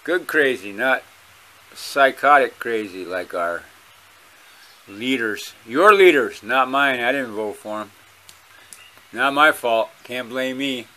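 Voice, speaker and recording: Hawaiian man, home vlog monologue, unhurried and bright-toned, blunt and swearing freely. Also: medium pitch. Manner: rambling, blunt and profane. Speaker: vlogger. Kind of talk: casual rambling monologue. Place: at home with his dogs.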